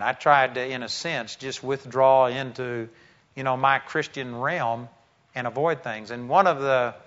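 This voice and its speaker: A man's voice: mid-range voice, fairly bright tone, highs cut off. A man preaching a sermon at a conference, earnest and conversational, often dropping "man" into his talk. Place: conference stage.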